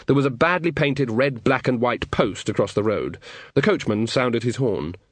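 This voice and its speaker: A man narrating an audiobook in a measured, wry storytelling manner. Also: medium pitch, animated, no echo. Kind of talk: scripted narration.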